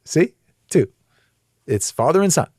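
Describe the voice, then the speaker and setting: A man giving a conversational Bible study, explaining verses step by step in a plain, emphatic way that turns animated when he presses a point. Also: fairly high pitch, measured pace, dry recording, studio quality. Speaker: Bible teacher.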